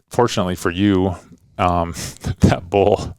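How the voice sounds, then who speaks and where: A middle-aged man hosting a podcast, telling a hunting story in a relaxed, rambling, casual way. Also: low voice, moderate pace, clear, resonant tone, no echo, studio quality. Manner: relaxed storytelling, loose and rambling with frequent "kinda" and "like". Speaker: podcast host and hunting dad.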